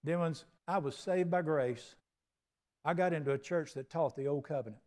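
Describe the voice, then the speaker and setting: An older man delivering a sermon in a drawl. His voice sits fairly high. He preaches in a folksy, storytelling way, acting out little conversations and moving between hushed and booming. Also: normal speed. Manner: folksy preaching with acted-out dialogue and big swings in loudness. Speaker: pastor.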